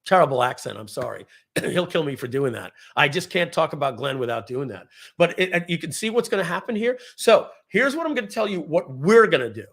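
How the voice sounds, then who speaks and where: A man hosting a live software webinar, giving an energetic, salesy screen-share demo and clearing his throat often. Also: a little high, a little fast. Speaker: webinar host, software founder.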